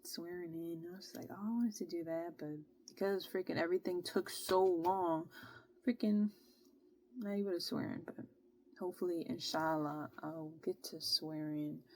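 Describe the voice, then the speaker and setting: A young woman casually telling a long personal story, animated and exasperated, with plenty of slang. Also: lowish voice, moderate pace, a little hiss or hum. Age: young adult. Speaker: vlogger.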